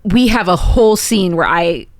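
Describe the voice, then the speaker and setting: Woman summarizing, lowish and dry. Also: no room sound. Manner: summarizes quickly with many fillers. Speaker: podcast co-host. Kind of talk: casual recap chat.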